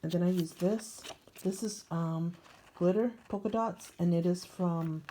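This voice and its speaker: Here a scrapbooking vlogger, an older woman, talks through her scrapbook pages in a relaxed show-and-tell. Her voice is on the low side and warm, her pace measured, and there's a slight hiss or hum. She wanders a bit and says um often.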